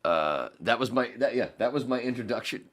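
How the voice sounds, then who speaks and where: A man telling stories as a podcast guest in casual chat, animated and profane. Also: mid-range voice, fairly quick.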